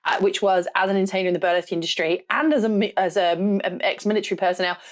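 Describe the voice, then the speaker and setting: A young adult woman from the south of England with a slight rural southern English accent, hosting a casual solo podcast in a loud, direct and blunt way. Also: medium pitch. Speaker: podcast host and photographer.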